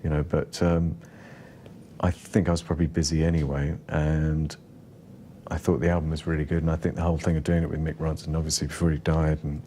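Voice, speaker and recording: Male interviewee, extremely deep mellow voice, faint room ambience, wry and musing. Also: level tone, a little fast, slight background noise. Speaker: interviewee, former producer. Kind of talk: interview recollection.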